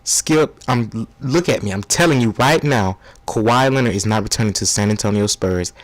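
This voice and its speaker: A man's voice: on the low side, normal speed, dry recording, close to an everyday voice. A man putting on an insistent sports TV pundit who keeps pleading his case, in a comedy spoof of a sports debate show.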